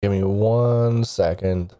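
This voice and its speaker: A man's voice: fairly low pitch, steady tone, slow, dark tone, dry recording, highs cut off. A man narrating a tabletop game as game master, describing scenes casually with frequent fillers.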